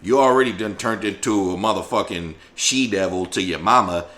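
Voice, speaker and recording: A young man with a fairly low voice speaks fairly quickly, retelling a story in a casual vlog monologue. He's animated and loaded with slang and profanity.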